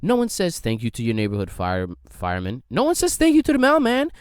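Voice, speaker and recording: A man rants on a podcast in a loose, comedic flow, and his pitch climbs and drops all over the place. His voice is smooth and clean. The sound is dry and close, with no room echo. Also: wildly swooping pitch, quick pace. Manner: rambling, profane, swings pitch widely for quoted voices. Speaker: podcast host. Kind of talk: casual comedic rant.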